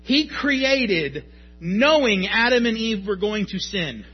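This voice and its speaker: Male pastor, thirties: high husky voice, emphatic sermon delivery, dull lo-fi sound. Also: expressive, takes it slowly. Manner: emphatic, rising to shouts at peaks.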